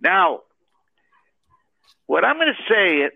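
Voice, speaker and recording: A man's voice: a little high, wildly swooping pitch, unhurried, vocal fry, pauses often, no echo. Eager male caller on a tinny phone line. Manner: earnest, eager, repeats himself. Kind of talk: casual call-in chat.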